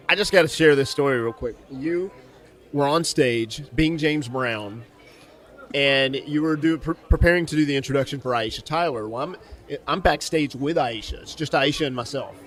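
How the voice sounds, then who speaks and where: A man co-hosting an interview, telling an animated story with frequent laughter. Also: mid-range voice, moderate pace. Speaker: co-host. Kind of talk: casual interview chat.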